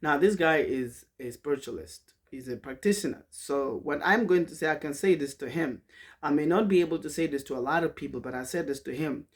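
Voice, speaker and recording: Husky man preaching spirituality. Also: a little high, brisk. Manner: emphatic, preachy, storytelling. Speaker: spiritual speaker. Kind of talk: spiritual monologue.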